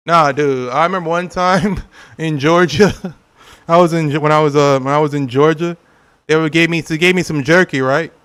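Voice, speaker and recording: A young man from California chats with viewers while he plays a game, joking and laughing often. His voice sits a little high and comes across smooth and clear. He talks in a loose, rambling way and sometimes acts out silly quotes. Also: a little slow, pauses often, fairly bright tone. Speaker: gaming streamer. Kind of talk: casual gameplay chat with viewers.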